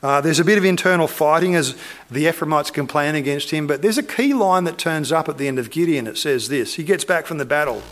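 A man preaching a sermon, retelling a story in a lively, animated way and acting out the characters' lines. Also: on the high side, fairly quick. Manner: animated, acts out characters' voices.

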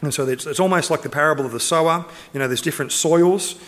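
A pastor preaching a sermon with earnest, emphatic delivery, driving points home with short repeated urgings. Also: male voice, on the high side, fast talker, fairly bright tone.

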